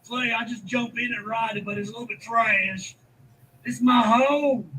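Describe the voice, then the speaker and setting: A man voicing a crude, loud trailer-park man who shows off his run-down house in a comedy sketch. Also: very high voice, fairly even intonation, normal speed, slight background noise, pitched above the performer's own voice, poor audio. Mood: crude bragging.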